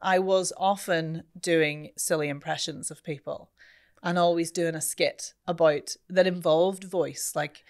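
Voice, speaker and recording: A woman who works as a voice coach and voiceover artist, talking through her craft in a relaxed interview. Her voice sits a little low for a woman and has a polished, microphone-trained sound. She speaks articulately and expressively. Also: measured pace. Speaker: voice coach and podcast guest. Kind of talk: conversational interview answers.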